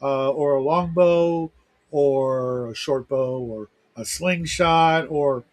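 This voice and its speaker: Slow and medium-pitched, the voice belongs to a middle-aged livestream talk show host. His casual chat wanders, and he leans heavily on filler words.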